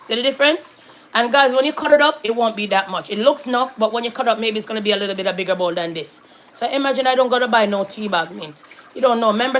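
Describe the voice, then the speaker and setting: A woman's voice: fairly high pitch, fairly bright tone, a little hiss or hum. A woman chatting casually to her viewers as she walks through her home and backyard garden, filming on a handheld phone and calling out to them again and again. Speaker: vlogger. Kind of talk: casual vlog chat.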